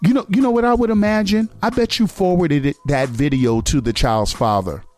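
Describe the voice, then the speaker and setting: A man's voice: a little high, brisk, a little mellow, soft background music. A man hosting a radio show who gives a blunt, profane commentary on a video clip and keeps firing rhetorical questions at the listeners.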